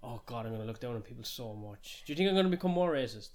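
A man's voice: medium pitch, lively intonation, very fast, a little mellow. A man, chatting casually as a podcast co-host and ranting in a sweary, jokingly outrageous way. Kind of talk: casual chat.

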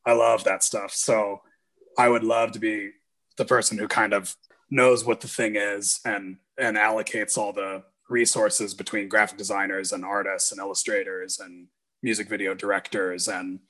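A man's voice: fairly low pitch, level tone, normal speed, bright, forceful tone. A young man, a musician guest on a podcast, telling a story casually with many fillers.

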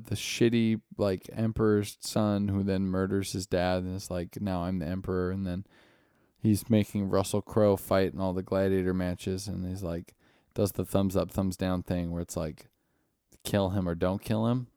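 Young man, very deep voice, smooth, dry close sound, teasing casual chat. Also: level tone, unhurried, mellow, dry recording.

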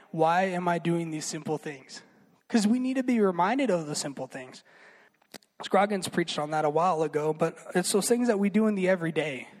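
A young man giving a casual sermon, chatty and animated, full of fillers and asides. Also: fairly high pitch. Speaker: youth speaker. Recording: long hall reverb.

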